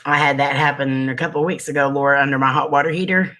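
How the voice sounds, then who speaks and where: A man's voice: mid-range voice, fairly even intonation, quick pace, bright, forceful tone. A man hosting a casual livestream. He chats with viewers, greets them by name and sniffles now and then. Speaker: livestream host.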